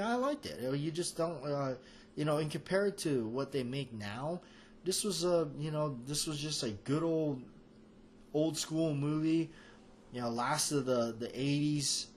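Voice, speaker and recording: A man's voice: medium pitch, slight background noise. A man hosting a casual film chat, talking in a rambling, hesitant way full of fillers and restarts. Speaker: movie chat host.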